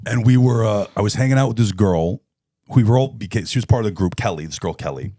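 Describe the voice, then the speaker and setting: A man's voice: on the low side, quick pace, no room sound, clean studio sound. A young man from New York, co-hosting a podcast and telling stories in a casual, profane, swaggering way. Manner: swaggering, profane, animated storyteller. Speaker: podcast co-host. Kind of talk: casual storytelling chat.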